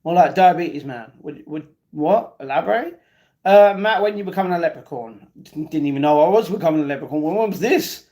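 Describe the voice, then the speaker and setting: With a mellow, slightly high voice, this livestream host reads out chat comments fairly quickly and expressively. He keeps it casual, tossing banter back at the viewers.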